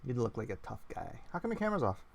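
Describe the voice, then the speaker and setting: A man's voice: mid-range voice, sing-song, very fast, vocal fry, no room sound. A man in his forties co-hosting a casual livestream, chatty and rambling, laughing often. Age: 40s. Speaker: co-host.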